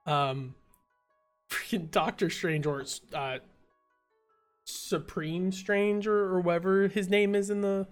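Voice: mid-range voice, fairly even intonation, takes it slowly, long pauses, soft background music. A podcast co-host in casual chat, rambling and amused. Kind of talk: casual chat reviewing a show.

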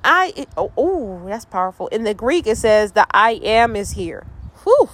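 A woman's voice: mid-range voice, sing-song, moderate pace, no echo. A woman leading a casual Bible study, reading scripture with playful joking asides and then turning earnest and reflective. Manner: reflective, earnest when applying the passage.

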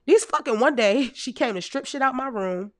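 A woman in her thirties telling comic stories to her audience in a casual, animated, heavily profane way, laughing often as a podcast host. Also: high voice, normal speed, dry recording, clean studio sound. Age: 30s. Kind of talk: casual comedic storytelling.

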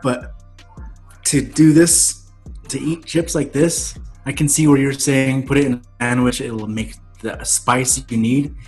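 Excitable man stammering on a video call. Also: mid-range voice, measured pace, faint music behind. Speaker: guest. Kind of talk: casual chat on a video call.

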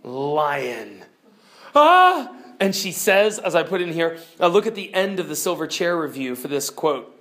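A man retelling a children's book aloud in an expressive, animated way, swinging between loud bursts and hushed lines. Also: fairly high pitch, brisk, hardly any pauses. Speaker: storyteller.

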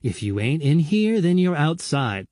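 A man's voice: fairly high pitch, very animated, measured pace, darkish tone, dry recording, studio quality, voice pushed up. A man voicing a timid pleading teenage girl. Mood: prying. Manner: ungrammatical, pleading.

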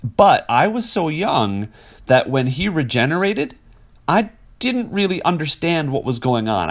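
A man in his forties from Wisconsin, an actor telling stories in a casual interview, rambling with many fillers. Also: medium pitch. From Wisconsin, USA. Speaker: actor guest.

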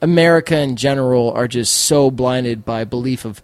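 A man guesting on a podcast, telling a wild story in a casual, animated and profane way. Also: medium pitch, normal speed, smooth, no echo.

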